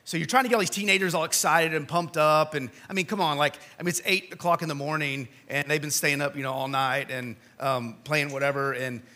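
Male pastor, bright and somewhat high-pitched, preaching with animated, dynamic delivery. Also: fairly quick, few pauses. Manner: animated storytelling, swinging from shouts to quiet appeals. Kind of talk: sermon.

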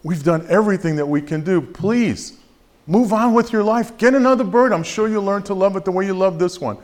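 A man's voice: fairly high pitch, lively intonation, darkish tone, close to an everyday voice. A man playing a weary, patient vet. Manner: firm, repeated, slowing for emphasis. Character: patient, weary male veterinarian.

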